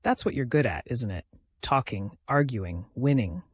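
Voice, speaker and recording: A man's voice: mid-range voice, expressive, moderate pace, breathy edge, no echo. Jealous vengeful woman with a knife, read by a man, accusing, dry close sound. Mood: bitter. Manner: accusing, rising intensity.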